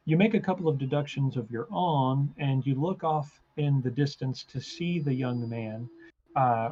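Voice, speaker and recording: A man narrating as game master of a tabletop game, halting often with ums and restarts. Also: mid-range voice, darkish tone, dull audio. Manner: hesitant, full of ums and restarts.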